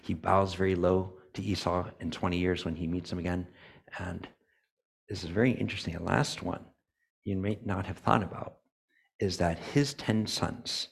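A man's voice: deep voice, fairly even intonation, moderate pace, gravelly, husky. A man preaching a sermon as a church elder, in a conversational way, acting out characters' thoughts and adding apologetic asides.

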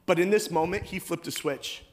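Male pastor, 30s, sermon, animated storytelling, acted-out voices, long hall reverb. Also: high voice, moderate pace.

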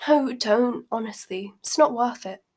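A woman's voice: on the high side, a little slow, a little mellow. A woman voicing an anxious, sensible teenage girl pleading urgently.

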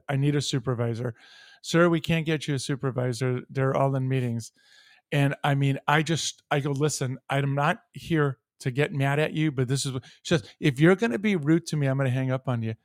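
On a podcast, a US co-host with a fairly high voice tells a heated, foul-mouthed story, playing out a phone call from both ends. The animated, casual rant has a dry, clean studio sound.

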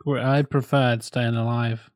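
A man's voice: medium pitch, flat delivery, a little slow. A man co-hosting a casual film podcast, speaking bluntly with swearing. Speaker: podcast co-host. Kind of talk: casual film commentary chat.

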